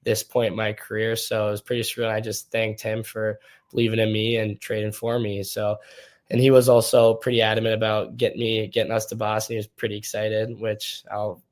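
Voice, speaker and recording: A man's voice: fairly low pitch, monotone, fairly quick. A young man from Minnesota, a hockey player guest, talking casually and rambling through his stories in a podcast interview. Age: young adult. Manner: easygoing, rambling storytelling.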